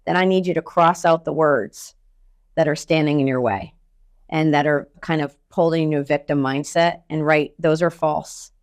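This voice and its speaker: A woman mental skills coach talking in a podcast interview, energetic and blunt, telling stories with casual swearing. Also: sits low, moderate pace, smooth.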